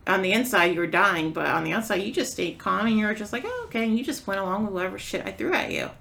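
A woman's voice: medium pitch, fast, gravelly, a bit bright. A woman co-hosting a podcast, telling a story in casual chat, acting out quotes and swearing freely. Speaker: podcast co-host.

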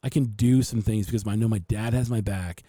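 A man on a podcast, casually telling animated stories and acting out his father's voice. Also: lowish voice, fairly quick, slightly rough, dry recording, studio quality. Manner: animated storyteller who acts out his dad's voice. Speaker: podcast host. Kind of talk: casual storytelling chat.

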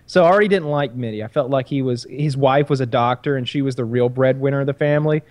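A man's voice: mid-range voice, fast talker, darkish tone, dry recording. A man telling a long story in casual chat, profane and rambling. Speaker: podcast storyteller.

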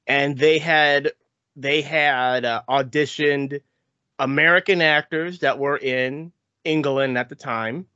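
Bright-voiced man, dull lo-fi recording. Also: on the high side, steady tone, takes it slowly, no room sound. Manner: explanatory, filling in background. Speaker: podcast co-host. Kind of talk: casual chat. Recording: dull lo-fi sound.

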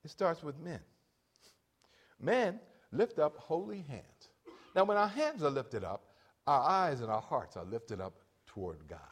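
A man's voice: mid-range voice, wildly swooping pitch, normal speed. A middle-aged man preaching a sermon as pastor, calling on the congregation for amens between points. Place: church.

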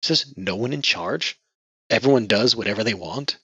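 A man's voice: lowish voice, animated, moderate pace, bright, forceful tone, breathy edge, no room sound, full character voice. A man doing a timid, sheltered young woman. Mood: earnest. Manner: earnest, startled questioning. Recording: dull lo-fi audio.

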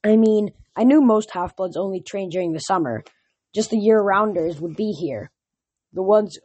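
A woman's voice: mid-range voice, a little mellow, husky. A woman reading a novel aloud in first-person narration, with small restarts. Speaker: reader.

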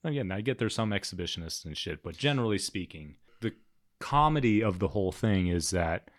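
A young man with a lowish voice tells a story on a podcast, laughing often and swearing freely. His delivery is loose and animated, casual chat between co-hosts. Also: brisk, dry recording, studio quality. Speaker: podcast co-host.

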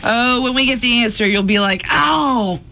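A woman co-hosting a morning radio show, upbeat and quick to laugh in casual banter. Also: a little high, steady tone, bright, forceful tone. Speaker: radio co-host.

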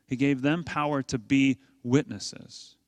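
A pastor preaches to his congregation conversationally, posing rhetorical questions and pressing hard on key points. His mid-range voice stays steady and unhurried, and the recording is dry.

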